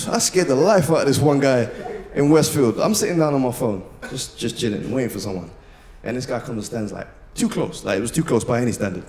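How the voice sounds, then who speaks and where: Young man, stand-up comic, lively swooping delivery, slangy, bursts into shouts. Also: fairly high pitch, a little fast, a little hiss or hum. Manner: animated, slangy, swings into loud shouted bits. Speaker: stand-up comedian. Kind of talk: stand-up comedy set. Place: live comedy venue with audience.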